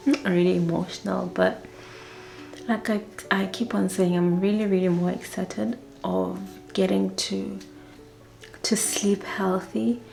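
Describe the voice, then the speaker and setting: A young woman, a flight attendant chatting excitedly in a casual vlog. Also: medium pitch, unhurried, gravelly, soft background music, poor audio. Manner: chatty, excitable, acts out quotes.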